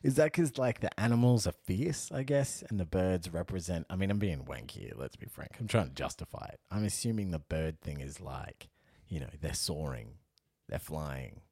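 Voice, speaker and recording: A man's voice: sits low, animated, normal speed, warm tone, breathy edge, no echo, clean studio sound. A man with an Australian accent co-hosting a casual podcast, chatty and self-mocking and often laughing. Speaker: podcast co-host. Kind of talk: casual chat.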